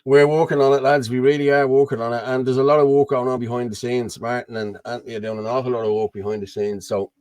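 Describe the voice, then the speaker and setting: A man's voice: mid-range voice, flat delivery, quick pace, few pauses, darkish tone, no echo. A man with an Irish accent hosting a casual chat over a video call, rambling and often asking "you know what I mean". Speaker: host.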